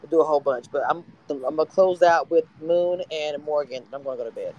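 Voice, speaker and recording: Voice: medium pitch, brisk, muffled recording, heavy background noise. A caller from Louisiana or Texas on a live audio chat, giving blunt, joking opinions and sounding tired after a long workday. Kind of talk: casual reality-show reaction.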